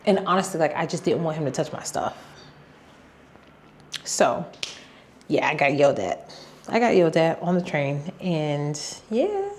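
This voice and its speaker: A young woman with a low voice tells a storytime vlog casually. Her talk is chatty and animated, and she drops into quoted asides as she retells what happened. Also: a little hiss or hum. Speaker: vlogger.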